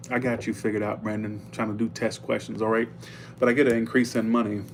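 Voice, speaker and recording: A man's voice: fairly low pitch, flat delivery, fast, slight background noise. A man giving a casual live tarot reading, chatty and blunt, stopping often to thank viewers for tips. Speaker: tarot reader.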